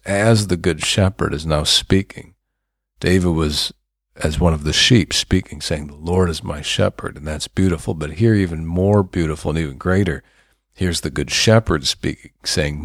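A man's voice: low-pitched, measured pace, no echo, clean studio sound. A man preaching a sermon, fervent and building to emphatic bursts.

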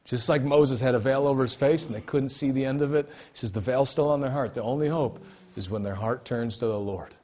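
A slightly fast, medium-pitched male preacher alternates hushed moments with loud, emphatic surges in his sermon. Key phrases come back again and again for emphasis.

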